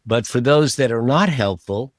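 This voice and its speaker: A man hosting a podcast interview, talking in a relaxed, rambling way with plenty of fillers and restarts. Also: medium pitch, normal speed, no room sound, studio quality. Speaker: podcast host. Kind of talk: casual interview chat.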